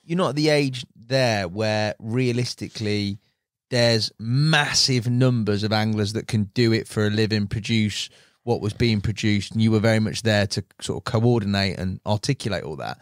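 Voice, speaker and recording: A man's voice: fairly low pitch, normal speed, no echo, clean studio sound. A man hosting a podcast, chatty, reacting with short interjections and asking long, rambling questions. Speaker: podcast host. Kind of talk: casual interview chat.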